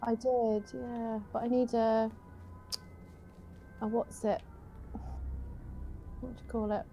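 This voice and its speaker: A woman's voice: fairly high pitch, flat delivery, slow pace, gravelly, dark tone, faint music behind. A woman chatting playfully and laughing easily while playing a game with a friend. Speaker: co-player on a game stream. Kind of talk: casual chat while gaming.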